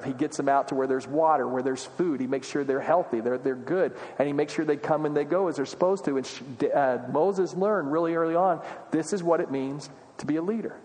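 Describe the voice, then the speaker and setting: A man delivers a sermon in a fairly high voice, earnest and steady. He keeps asking the congregation rhetorical questions and presses hard on his main points. His words ring out with a long echo through a big church hall. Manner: earnest preaching with rhetorical questions, rising in emphasis. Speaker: pastor.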